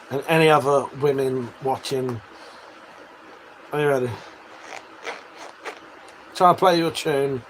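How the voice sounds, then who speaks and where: A man's voice: medium pitch, slow pace, long pauses, slight background noise, low-quality recording. A man hosting a casual livestream, reading out viewer messages and chatting back in a sweary, matey way with frequent laughs. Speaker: livestream host.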